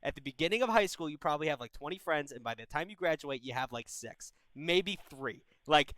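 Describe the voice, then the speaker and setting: A young man hosts a call-in advice stream, talking bluntly and with plenty of swearing, like an older brother. His voice is bright and smooth, a little high for a man. The recording is dry and close. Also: animated, a little fast, dry recording, rough recording. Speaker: advice show host. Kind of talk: casual advice chat.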